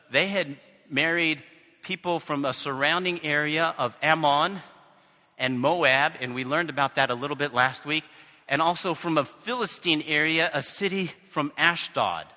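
A man's voice: a little high, bright, forceful tone. A male pastor from the United States preaching a conversational sermon with asides and questions to the congregation. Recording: reverberant hall.

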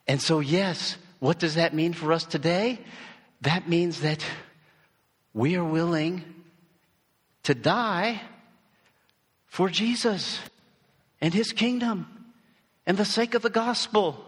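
Slow, emphatic man preaching in a hall. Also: a little high, husky. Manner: emphatic, repeats key phrases. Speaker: church speaker. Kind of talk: sermon.

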